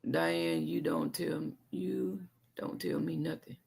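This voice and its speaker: Southern lady crocheting on a livestream, gravelly low voice, bouncy and playful. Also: very animated, slow pace, a little mellow. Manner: chatty and playful, reads live chat aloud. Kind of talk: casual chat.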